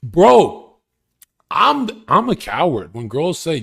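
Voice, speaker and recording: A young man rants on a live stream with crude boasts and frequent laughter. His pitch swings widely as he talks, and his delivery is loose and casual. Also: wildly swooping pitch, slow, gravelly, a bit bright, breathy edge. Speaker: livestreamer.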